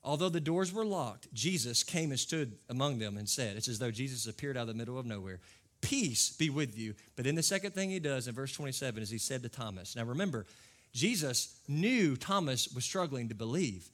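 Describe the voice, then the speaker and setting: Guy pastor giving a sermon, really lively up and down voice, casual preachy way of talking. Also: mid-range voice, brisk. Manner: animated, conversational preaching. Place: church service with a congregation.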